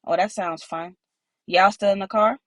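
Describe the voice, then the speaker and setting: A woman's voice: medium pitch, fairly even intonation, normal speed, no echo, clean studio sound, natural voice. A woman voicing a sweet young woman, the narrator's chatty cousin. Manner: bright and chatty, pleading when scared.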